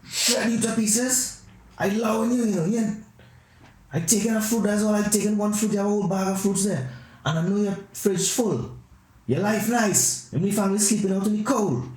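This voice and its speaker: A man's voice: sits high, moderate pace, darkish tone, pitched above the performer's own voice, close to an everyday voice. A man voicing a fat, cocky male raccoon who is unbothered and swaggers through taunting threats. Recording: roomy echo.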